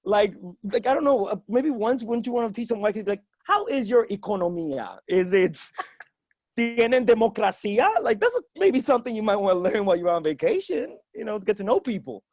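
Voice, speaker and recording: A young man from the Dominican Republic doing a loose, animated stand-up set from his home balcony, acting out quoted voices. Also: high voice, fast, hardly any pauses, dry recording. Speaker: stand-up comic. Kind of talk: stand-up set on a video stream.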